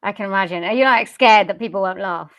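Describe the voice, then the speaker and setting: A woman's voice: mid-range voice, fast talker, fairly bright tone, dry recording. Modest British woman, dry close sound. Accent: general British. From South Wales. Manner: modest, hesitant, laughs often. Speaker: singer and voice-over artist. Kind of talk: casual interview chat.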